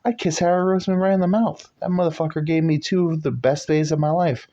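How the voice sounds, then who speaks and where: A man's voice: fairly high pitch, fast talker. A man hosting a casual chat show, talking in a rambling, crude and profane way. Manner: rambling, crude and profane, swings into loud put-on voices. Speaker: podcast host. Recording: dull lo-fi recording.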